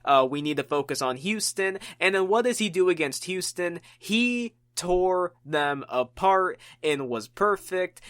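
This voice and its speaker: A man with a fairly high voice hosts a solo sports podcast, talking through his opinions with animated emphasis and plenty of restarts. The sound is dry and close, with almost no room in it. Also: no echo. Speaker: podcast host.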